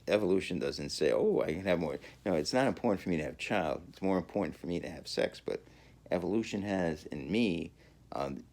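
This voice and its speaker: A man rambling through a casual monologue, halting often with fillers and restarts and chuckling as he talks. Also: sits low, gravelly, darkish tone. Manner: chuckles while talking. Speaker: podcaster.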